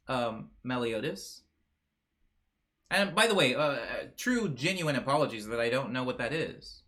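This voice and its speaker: A man's voice: medium pitch, lively intonation, normal speed, pushed and bright. A young man hosting a livestream, chatting casually and reading viewer comments in a playful, rambling way. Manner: playful, rambling, frequently laughing and mispronouncing names. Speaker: livestream host.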